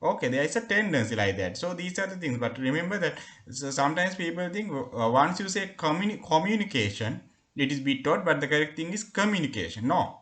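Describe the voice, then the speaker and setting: A man's voice: fairly high pitch, animated, fairly quick, fairly bright tone. Sri Lankan man explaining English usage. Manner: explanatory, many hesitation fillers. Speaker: English teacher. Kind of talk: spoken English lesson.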